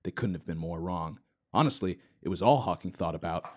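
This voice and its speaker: A man co-hosting a comedy podcast, reading a satirical story aloud in a deadpan tone. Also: deep voice, fairly quick. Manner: deadpan reading, breaking into laughter. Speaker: podcast co-host.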